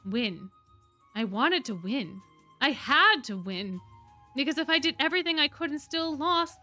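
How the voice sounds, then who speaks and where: A woman's voice: sits high, sharp tone. A woman reading a brooding, defeated young lion beastman prince in a weary inner monologue from a novel.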